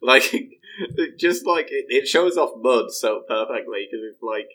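Bright-voiced man, eager chat. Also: medium pitch, animated, a little slow, poor audio. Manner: enthusiastic, filler-heavy. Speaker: podcast co-host. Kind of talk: casual chat.

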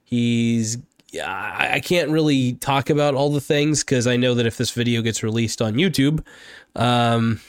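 Angry and rambling, a political vlogger swears often during an unscripted, heated rant delivered close to the mic. His voice is middle-pitched, clear and resonant, at a measured pace, and sounds dry with no room echo.

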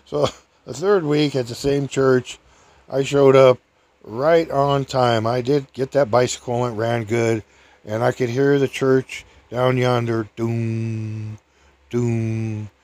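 An older man casually telling a rambling personal story, chuckling often and raising his voice high to act out other people's lines. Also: steady tone, measured pace, darkish tone, dry recording.

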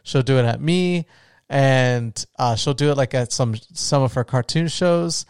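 Young man, podcast host, smooth clear voice, dry close sound, rambling affectionate chat. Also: mid-range voice, a little slow, darkish tone, no room sound. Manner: gushing, rambling with restarts. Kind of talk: casual solo podcast talk.

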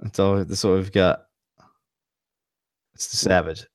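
A man's voice: low voice, little pitch movement, a little slow, no echo, studio quality. A man co-hosting a casual podcast over a video call, rambling with lots of fillers and restarts. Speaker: podcast co-host, streamer.

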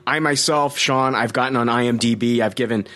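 A man hosting a casual chat, easygoing and halting with fillers. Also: mid-range voice, fairly even intonation, bright, forceful tone.

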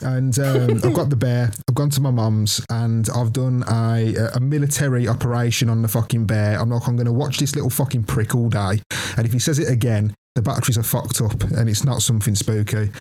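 A man's voice: medium pitch, brisk. A young man casually telling a story on a podcast, swearing often and laughing as he goes. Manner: animated, swears constantly, laughs through the telling. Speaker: podcast co-host.

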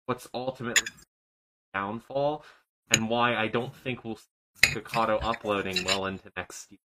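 A man's voice: lowish voice, fairly even intonation, moderate pace, heavy background noise. A man co-hosting a podcast, chatting casually in a rambling, profane way that often trails off. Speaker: podcast co-host. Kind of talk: casual commentary chat.

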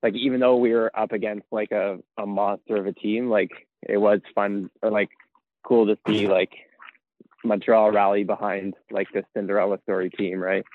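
A man's voice: fairly low pitch, little pitch movement, normal speed, dry recording. A man in casual podcast chat who jokes and laughs easily. His voice comes through a narrow, phone-like remote connection. The sound is dry and boxed in. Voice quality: tinny, grainy audio. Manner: laughs often, loose and jokey. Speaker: podcast guest. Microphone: remote call line. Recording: tinny phone-like remote call.

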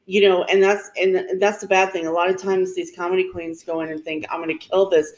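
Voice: medium pitch, little pitch movement, fairly quick, low-quality recording. Chatty podcast guest, casual tone. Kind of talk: casual chat.

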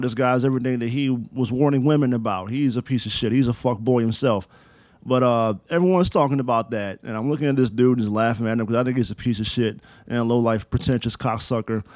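A man rants through his own sports podcast, fired up and emphatic, with swearing all through it. His voice sits at an ordinary middle pitch. The recording is close and dry, with no room sound. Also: dry recording. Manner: profane, excitable and emphatic. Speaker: podcast host. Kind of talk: solo sports podcast rant.

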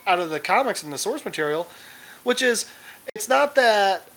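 A speaker in a casual movie discussion who sounds expressive and easily exasperated. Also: mid-range voice, moderate pace, poor audio.

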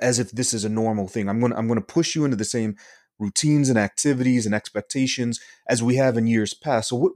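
Male podcast host and school principal, probing and thoughtful, mid-pitched. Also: a little mellow. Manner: thoughtful, probing questions with restarts. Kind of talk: interview questions.

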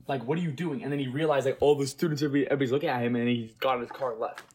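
A man's voice: medium pitch, steady tone, rapid-fire, darkish tone, slight background noise. A young man co-hosting a casual podcast, telling a long rambling story and checking in with "right?" as he goes. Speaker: podcast co-host. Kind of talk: casual chat.

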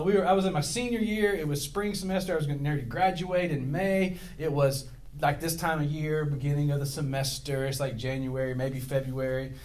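A middle-aged pastor preaches a sermon to his congregation in church, rambling off on tangents and leaning on self-deprecating humor. His voice is on the high side with a darkish tone.

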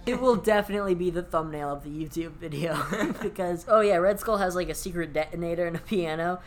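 A woman co-hosting a podcast in casual chat, telling stories excitedly and laughing often. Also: fairly low pitch, over music. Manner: excited, laughing, fast storytelling. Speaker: podcast co-host.

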